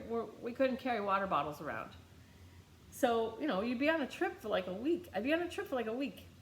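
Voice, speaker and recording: Blunt, animated middle-aged American woman vlogger, casual storytelling, roomy sound. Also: fairly high pitch, slight background noise. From United States. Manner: blunt, animated, swears freely.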